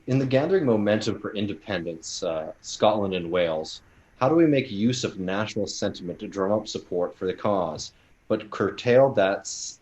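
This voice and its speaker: A man's voice: low voice, darkish tone. An American man co-hosting a casual panel chat, reading listener questions and rambling with many fillers. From United States.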